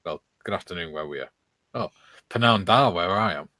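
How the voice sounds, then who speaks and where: A man hosting a relaxed live stream, reading out viewer comments with a ready chuckle. His pitch swings around animatedly, and the sound is dry and close, with no room around it. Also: brisk, no room sound. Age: older. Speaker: host. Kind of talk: casual live-stream chat.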